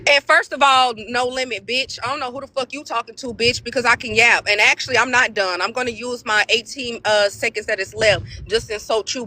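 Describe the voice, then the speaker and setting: A woman's voice: a little high, sharp tone. A woman in a heated live debate who curses freely, trades insults and repeats her points over and over. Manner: cursing, insulting, repeats phrases. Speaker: debate participant.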